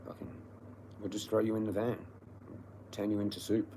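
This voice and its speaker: A man's voice: fairly low pitch, little pitch movement, moderate pace, warm tone, slight background noise. A man ranting angrily and profanely on a livestream, repeating himself. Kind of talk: angry livestream rant.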